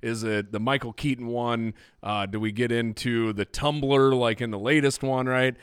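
A man hosting a casual movie podcast, relaxed and hesitant, often checking in with "right?". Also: medium pitch, moderate pace, smooth, no echo, studio quality. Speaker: podcast host.

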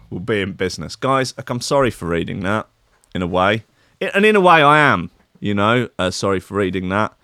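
A man's voice: deep voice, fairly bright tone, clear, resonant tone, dry recording, clean studio sound. A man hosting a casual live stream, rambling and apologetic, swearing and poking fun at himself. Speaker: stream host.

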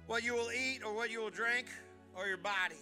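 A male pastor giving a folksy, animated sermon, often restarting his words. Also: very high-pitched, a little fast, faint music behind. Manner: folksy, animated and joking, with repeated word restarts.

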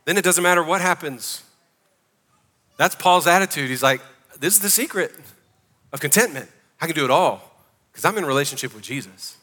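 A man preaches to his congregation, emphatic and often calling out to them for a response. His voice is forceful and bright, sitting a little high. The sound carries the long reverb of a church sanctuary. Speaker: pastor. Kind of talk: sermon.

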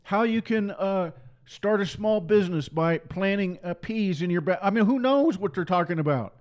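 A man's voice: sits high, moderate pace. Fiery, mocking preacher man. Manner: forceful, repetitive, mocking rhetorical questions. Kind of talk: fiery political sermon.

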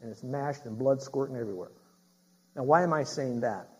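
A man's voice: medium pitch, fairly quick, warm tone, husky, low-quality recording. A middle-aged man preaching a sermon as a pastor. He speaks emphatically, repeats his key phrases and puts questions straight to the congregation.

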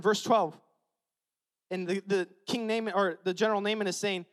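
A man preaching a sermon as pastor, swinging from shouted retellings to quiet, confiding asides. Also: high voice, brisk.

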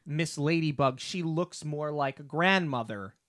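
A man's voice: a little high, measured pace, a bit bright, no room sound, studio quality. A man co-hosting a casual podcast who retells scenes with enthusiasm. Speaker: podcast co-host. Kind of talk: casual film discussion.

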